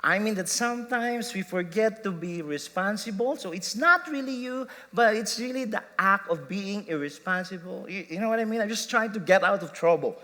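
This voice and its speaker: A man's voice: high voice, animated, normal speed, few pauses, sharp tone. A man preaching a sermon, telling a family story and laughing at himself as he quotes his sons and wife. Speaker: pastor. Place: church sanctuary. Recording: long church hall reverb.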